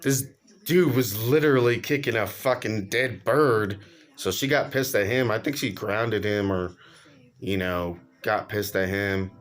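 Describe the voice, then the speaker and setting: A man's voice: fairly low pitch, a little slow. A young man casually telling a personal story on his vlog, slangy and laughing along as he goes. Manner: laid-back slangy, laughs while telling. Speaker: vlogger.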